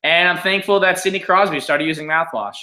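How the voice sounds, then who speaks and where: A young man co-hosting a hockey podcast, chatting casually with animated, sarcastic rants. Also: a little high, a little fast, slight background noise. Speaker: podcast co-host. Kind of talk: casual chat.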